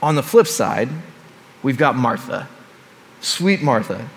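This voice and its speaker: A man's voice: medium pitch, sing-song, takes it slowly, vocal fry. A man preaching a sermon to his church in a conversational way, with casual asides and repeated phrases. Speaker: pastor. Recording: long reverb of a large hall.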